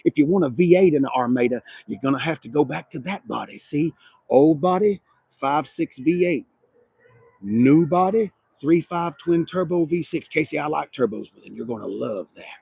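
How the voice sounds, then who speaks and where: A man doing a casual car walkaround on a dealership lot, loud and excitable, swinging between low murmurs and sudden shouts. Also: moderate pace, gravelly, slightly rough, dry recording.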